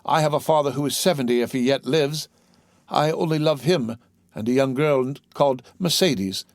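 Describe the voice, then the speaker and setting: A man's voice: medium pitch, normal speed, dry recording, studio quality, close to an everyday voice. A man voicing a desperate young male prisoner in an audiobook, pleading with earnest passion.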